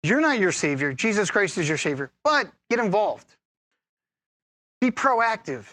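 A man preaching a sermon as pastor, lively and humorous, teasing his congregation and laughing often. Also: sits high, a little slow, no room sound.

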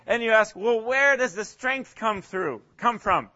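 A man's voice: high-pitched, animated, unhurried, hardly any pauses, pushed and bright. Man, Bible study leader, casual teaching, hesitant, chuckling, muffled lo-fi sound. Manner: hesitant, chuckling, acts out quotes.

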